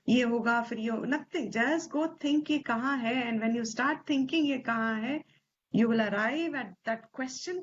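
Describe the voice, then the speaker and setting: A woman teacher with an Indian English accent, explaining scripture slowly and deliberately, stressing Sanskrit terms and posing rhetorical questions. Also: sits high, breathy edge. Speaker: Vedanta teacher. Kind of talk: slow scriptural class explanation. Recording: slightly dull lo-fi recording.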